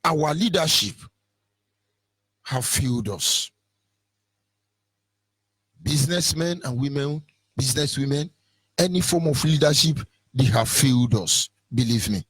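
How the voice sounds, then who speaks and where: A man with a Nigerian English accent, giving an impassioned political radio monologue, chanting lines over and over and swinging between shouting and mock whispers. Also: mid-range voice, expressive, a little slow, long pauses, breathy edge, no room sound. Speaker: radio presenter.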